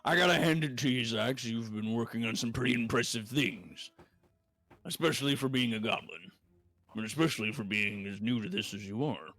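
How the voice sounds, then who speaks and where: A man voicing a warm, kindly old male mechanic who runs a parts shop, speaking in a measured, approving way. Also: mid-range voice, no echo, faint music behind. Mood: admiring.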